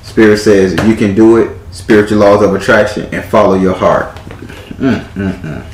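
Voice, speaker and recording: Low-voiced man giving a cheeky tarot reading. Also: fairly even intonation, moderate pace, echoey room, poor audio. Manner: theatrical, profane, teasing. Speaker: tarot reader.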